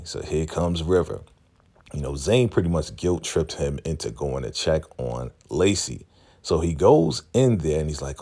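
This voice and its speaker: A man chats through a TV episode recap in a very low, husky voice. His pitch swings widely as he retells each scene, and he keeps a loose, conversational tone throughout. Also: expressive, normal speed, dark tone. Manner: chatty, acts out the scenes he retells. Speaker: show recap vlogger.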